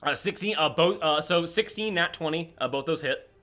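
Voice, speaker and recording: A man narrating as game master of a tabletop game, rambling and animated. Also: on the high side, normal speed.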